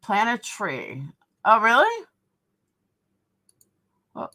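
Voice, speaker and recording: A woman's voice: fairly high pitch, wildly swooping pitch, drawn-out words, pushed and bright. Blunt New York woman live-streaming. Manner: blunt, opinionated, reads out viewer comments. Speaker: livestream host. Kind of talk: casual live-stream chat.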